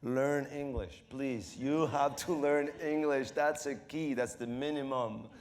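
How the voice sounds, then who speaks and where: Laughing French-accented man, animated storyteller. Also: medium pitch. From Morocco. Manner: laughing often, acting out quoted voices, halting with fillers. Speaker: comedian guest. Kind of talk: live on-stage interview.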